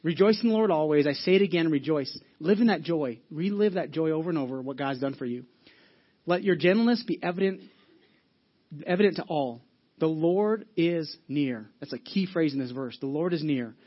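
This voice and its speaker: Husky male pastor preaching casually. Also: a little high, expressive, fairly quick, lo-fi sound. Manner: earnest, conversational preaching with frequent restarts and fillers. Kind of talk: sermon.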